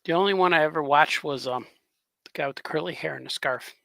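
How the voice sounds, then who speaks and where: A man with a gravelly edge and a slightly raised pitch, talking casually on a livestream. He rambles from story to story and laughs a lot, and the sound is close and dry with no room around it. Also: quick pace, fairly bright tone, no echo. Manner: rambling, laughs often, drops into grunting impressions. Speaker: cartoonist co-hosting a livestream chat. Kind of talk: casual chat.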